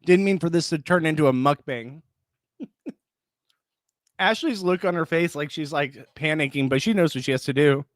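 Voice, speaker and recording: A man's voice: a little high, moderate pace, pauses often, no echo. A man casually chatting on a live reaction stream, greeting viewers, laughing often, close to the mic. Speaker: reality show reaction host.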